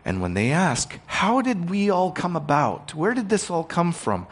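A man preaching a sermon, growing loud and emphatic on key points and retelling scripture in casual modern paraphrase. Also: on the high side, wildly swooping pitch, a little slow, slightly rough. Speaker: pastor.

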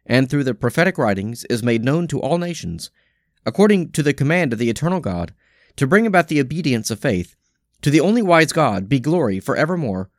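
A man reads the day's scripture passages and a closing prayer. His pace is measured and solemn, and his pitch sits in the middle range. The sound is dry and close, with no room echo. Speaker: scripture reader. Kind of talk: reading a daily lectionary.

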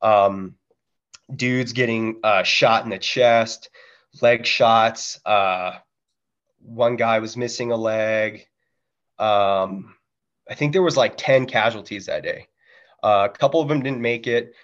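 A man's voice: on the low side, takes it slowly, highs cut off. A man, a Marine veteran and podcast guest, telling war stories in a candid, profane, casual way and mimicking gunfire sounds. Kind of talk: casual storytelling.

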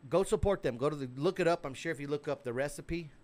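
A man's voice: on the high side, fast talker, a little mellow. Laid-back man co-hosting a podcast. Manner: laid-back storyteller, restarts often, laughs a lot. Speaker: podcast co-host. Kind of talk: casual banter with co-host.

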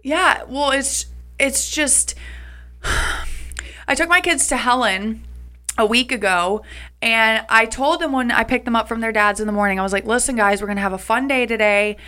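A woman in her thirties chatting casually with her partner as podcast co-host, telling stories in a lively way and acting out what others said. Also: fairly high pitch, moderate pace. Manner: animated storyteller, acts out quotes with laughs. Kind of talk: casual couple chat.

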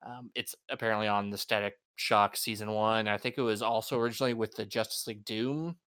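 Smooth-voiced man chatting on a podcast. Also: lowish voice, steady tone, fairly quick, a bit bright. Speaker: podcast host. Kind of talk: casual podcast chat.

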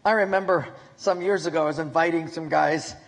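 Hawaiian pastor guy preaching, kinda high voice, joking around, big echoey hall. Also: fairly even intonation, brisk. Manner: storytelling, joking with the congregation. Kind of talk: sermon. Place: large church hall with a congregation. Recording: echoey hall with long reverb.

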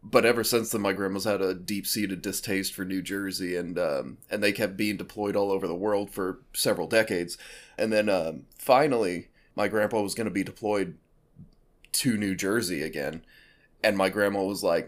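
A man's voice: sits low, steady tone, normal speed. A man hosting a podcast, telling a long rambling family story in casual chat, full of "like" fillers. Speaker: podcast host.

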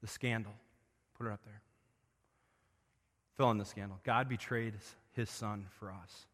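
Guy pastor preaching, goes quiet then loud and fired up, voice ringing round a big hall. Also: lowish voice, fairly even intonation, measured pace. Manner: impassioned preaching, moving between hushed and loud. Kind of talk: sermon.

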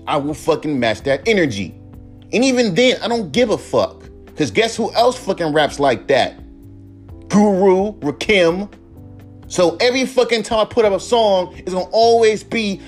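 A young man holds forth alone on his podcast, swearing hard and slipping into mocking voices of his critics. His voice sits fairly high and leaps up and down constantly. A faint instrumental bed plays behind him. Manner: profane, heated, mocking imitations of critics. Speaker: podcast host and rapper. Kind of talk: solo podcast rant.

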